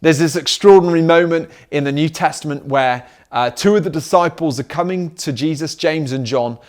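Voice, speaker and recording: A man's voice: fairly high pitch, normal speed. A middle-aged man preaching a sermon as pastor, driving his points home with repeated questions. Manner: emphatic preaching with rhetorical questions.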